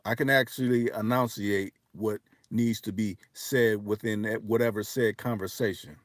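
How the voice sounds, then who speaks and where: Here the livestream host's voice sits lowish with fairly even intonation and a moderate pace. He has an African American English accent and chats loosely, cursing and restarting a lot, in an echo-free studio-quality recording.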